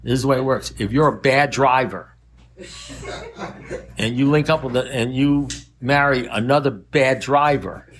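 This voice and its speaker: A man's voice: mid-range voice, moderate pace, fairly bright tone, slight background noise. An older man speaking at a recovery meeting, telling rambling stories in a wry, blunt manner.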